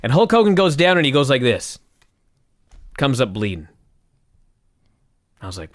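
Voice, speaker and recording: A man co-hosting a casual wrestling recap podcast, sarcastic and animated as he tells a long story. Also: medium pitch, moderate pace, no room sound. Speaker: podcast co-host.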